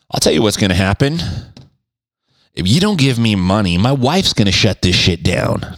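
A man hosts a podcast from his home den with lively, swooping intonation. He rants in a profane, sarcastic way, and his mic sound is close and dry. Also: lowish voice, moderate pace, no room sound. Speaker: podcast host. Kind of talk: casual comedic rant. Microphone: studio microphone.

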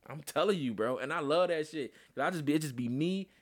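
A man's voice: a little high, fast. A man co-hosting a casual podcast chat, talking emphatically with lots of slang, profanity and insistent restarts. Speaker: podcast co-host.

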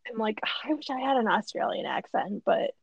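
A woman's voice: on the high side, lively intonation, fairly quick, gravelly, breathy edge, no room sound, lo-fi sound. A young woman with a Minnesotan accent in a casual podcast chat, upbeat and agreeable, laughing easily.

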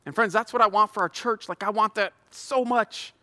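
Male pastor, high voice, crisp and resonant, conversational sermon, long hall reverb. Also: moderate pace, bright, forceful tone. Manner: conversational and self-deprecating, rising to fervent prayer.

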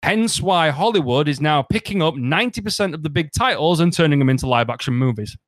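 A man's voice: on the high side, expressive, quick pace, no room sound. A man chatting casually as a podcast co-host, enthusiastic and persuasive, lecturing his friend. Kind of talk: casual chat.

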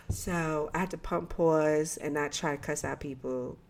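A woman's voice: low voice, measured pace. A woman co-hosting a podcast in casual chat, cursing freely and acting out quoted voices. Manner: loose, profane and animated, with quoted asides. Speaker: podcast co-host.

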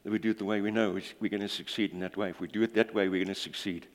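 A man preaching a sermon in a church, animated and jokey as he tells stories and talks with the congregation. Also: lowish voice, racing. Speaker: pastor. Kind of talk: sermon with storytelling. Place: church hall. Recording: long reverb of a church hall.

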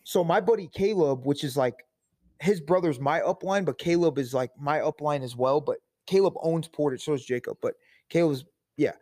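High-voiced man, swearing and animated. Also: moderate pace. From Indiana, USA. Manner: profane, animated storytelling. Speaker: nutrition shop owner, podcast guest. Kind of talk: casual podcast chat.

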